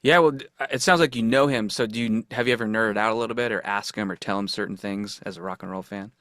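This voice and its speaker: A man's voice: lowish voice, quick pace, a bit bright, no room sound, clean studio sound. A man hosting a podcast, asking eager, fan-like questions in a casual interview. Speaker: podcast host.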